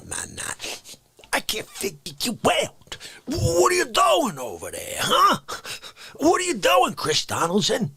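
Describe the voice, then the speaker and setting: A gravelly, hoarse older Bronx tough guy, hissing menacing questions that break into high shouts. The voice swings wildly up and down, sitting strangely high for a man. The recording is dry and close. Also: no room sound, exaggerated voice. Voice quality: raspy, hoarse whispering, sudden shouts. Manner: menacing interrogating rants. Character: raspy older male Bronx tough guy demanding respect.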